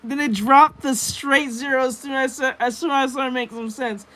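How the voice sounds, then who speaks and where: A woman's voice: high voice, steady tone, a little fast, sharp tone, poor audio. A woman streaming and reacting to videos in casual commentary, crude and joking, swearing often.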